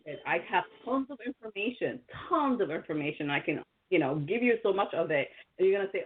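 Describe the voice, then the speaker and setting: A woman's voice: medium pitch, animated, fairly quick, few pauses. A woman hosting a motivational talk show, speaking in a rambling way with many fillers and restarts. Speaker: podcast host and coach. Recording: tinny phone-like line.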